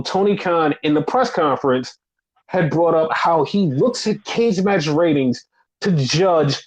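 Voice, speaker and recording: A man's voice: a little high, darkish tone, low-quality recording. A man in his thirties hosting a wrestling podcast, ranting in a heated, profane, filler-heavy casual way. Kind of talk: casual rant.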